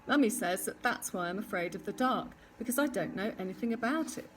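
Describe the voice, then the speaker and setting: A woman's voice: mid-range voice, expressive, a little fast, slight background noise, lightly acted. A woman voicing a small, eager young male barn owl who asks many curious questions in a storybook reading. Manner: curious, easily huffy, chirpy questions. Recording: distant mic with faint ambience.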